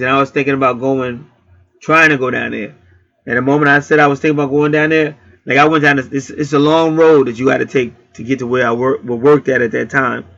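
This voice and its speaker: A man's voice: mid-range voice, bright, forceful tone, no echo, dull audio. A man hosting his own channel, telling stories in a blunt, profane, heated rambling monologue. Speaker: channel host.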